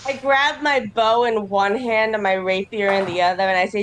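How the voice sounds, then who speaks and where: A woman's voice: mid-range voice, fairly even intonation, normal speed, hardly any pauses, slight background noise. A woman playing a tabletop game, describing her character's actions in a casual, matter-of-fact way. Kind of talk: casual play narration.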